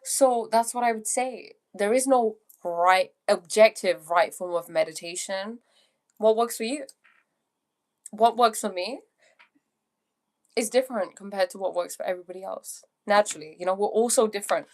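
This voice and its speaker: A woman's voice: medium pitch, normal speed. A young woman with an English accent, chatting casually on a livestream, answering viewers and meandering between topics. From England. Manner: chatty, meandering, tries out French phrases. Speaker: livestream host.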